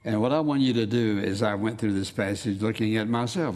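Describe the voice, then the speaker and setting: A man preaching a sermon, emphatic, slowing down to read scripture quotes with weight. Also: fairly low pitch, steady tone, darkish tone. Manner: emphatic, quotes scripture in slow dramatic readings.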